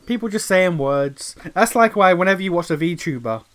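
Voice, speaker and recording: A man's voice: high-pitched, expressive, normal speed, fairly bright tone. A British man giving casual gameplay commentary. He rambles, laughs often, and swears. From Britain. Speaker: streamer.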